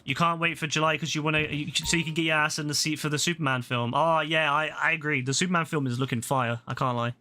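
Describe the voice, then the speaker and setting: A man streaming a game live, chatting to his viewers in an excitable, slangy way and swearing casually. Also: fairly high pitch, quick pace, hardly any pauses.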